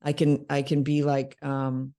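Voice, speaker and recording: Brief: middle-aged woman, low voice, chatty acting teacher who slips into the lines she explains. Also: monotone, unhurried, mellow. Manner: conversational, acts out lines mid-explanation. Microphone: worn microphone.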